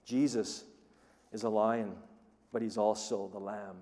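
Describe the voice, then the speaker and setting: Male pastor, animated storytelling sermon, long hall reverb. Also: lowish voice, measured pace, long pauses. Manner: animated storytelling, acts out quoted voices.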